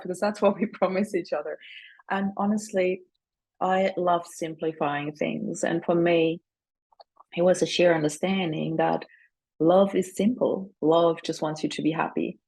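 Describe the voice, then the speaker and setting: A woman's voice: fairly low pitch, gravelly, darkish tone, breathy edge, rough recording. A middle-aged woman speaking earnestly as a guest on an interview about grief, drawing on her own experience. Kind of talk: reflective interview answers.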